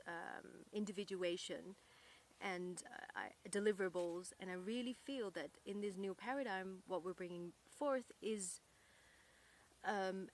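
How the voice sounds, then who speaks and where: A woman talking as an interview guest, earnest and reflective. She searches for her words with small pauses. Her voice sits at an ordinary middle pitch. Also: slight background noise.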